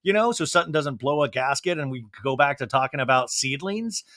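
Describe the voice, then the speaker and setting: A man's voice: mid-range voice, expressive, a little fast, pushed and bright, no room sound, studio quality. A male podcast host giving a comedic reality TV recap, mocking and profane.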